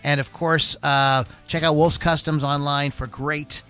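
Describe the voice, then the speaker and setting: A man's voice: a little high, flat delivery, a little slow, pushed and bright, clean tone. A man hosting a casual podcast who reads sponsor plugs and banters in a rambling, hesitant, wry way. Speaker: podcast host.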